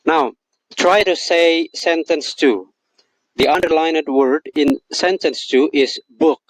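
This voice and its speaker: A man narrating a scripted English lesson with a slow, deliberate and emphatic teaching delivery. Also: on the high side, no echo, low-quality recording.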